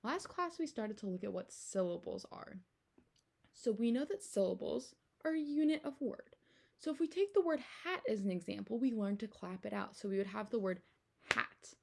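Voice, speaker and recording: Lively, creaky-voiced woman teacher. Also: mid-range voice, normal speed, a little hiss or hum. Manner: animated storytime delivery with questions to children. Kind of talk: reading a picture book aloud to a class.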